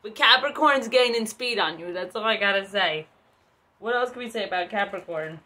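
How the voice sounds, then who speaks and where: A woman's voice: medium pitch, lively intonation, moderate pace, sharp tone. A woman giving a casual tarot reading, rambling and chatty with lots of swearing. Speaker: tarot reader.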